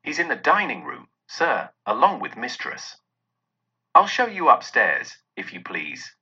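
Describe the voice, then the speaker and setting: A polite young housemaid, deferential and quick to please, as a man voices her. The tone is husky and bright. The recording sounds dull and lo-fi. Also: mid-range voice, wildly swooping pitch, exaggerated voice.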